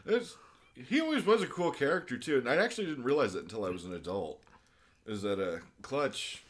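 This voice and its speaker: A man's voice: mid-range voice, very animated, a little fast. A man co-hosting a podcast in casual chat, chuckling often and recalling cartoon lore fondly. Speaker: podcast co-host.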